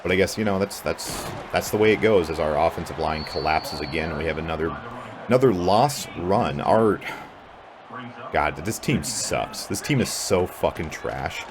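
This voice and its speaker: A man's voice: low voice, expressive, moderate pace, noisy background. A young man commentating his own video game match play-by-play, sarcastic and frustrated, often swearing. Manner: frustrated, swears a lot, sarcastic, prone to angry outbursts. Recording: game music clearly heard behind voice.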